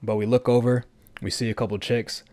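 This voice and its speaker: A man's voice: medium pitch, flat delivery, darkish tone, no echo. A brash young man in his twenties, telling a story on his vlog with lots of swearing. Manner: brash, profane, rapid-fire. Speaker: vlogger.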